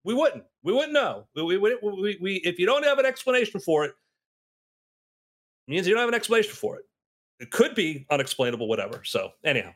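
A man with a bright, forceful voice pitched a little high, chatting casually. He tells stories with energy and acts out the people he quotes, swinging his pitch up and down. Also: sing-song, fast. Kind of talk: casual conversation.

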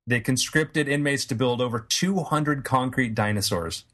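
A man's voice: mid-range voice, moderate pace, a bit bright. A man co-hosting a casual comedy podcast, riffing and joking with his friends. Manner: jokey, riffing, breaks into silly voices. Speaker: podcast co-host.

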